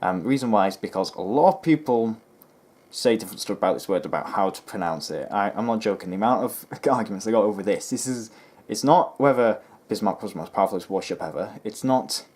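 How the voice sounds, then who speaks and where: A man's voice: on the low side, a little mellow. A man hosting a history video, chatting casually with lots of ums and restarts. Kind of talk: casual rambling commentary to camera.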